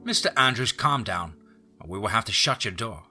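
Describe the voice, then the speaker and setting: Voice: mid-range voice, animated, moderate pace, bright, forceful tone, faint music behind. A man voicing a stern hospital nurse who firmly warns a patient in a spoken horror story. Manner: firm, warning.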